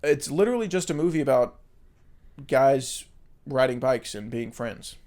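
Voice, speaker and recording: A man's voice: medium pitch, expressive, normal speed, a little mellow. Rambling American man on a podcast. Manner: rambling, swears casually, many fillers. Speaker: podcast co-host. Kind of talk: casual chat.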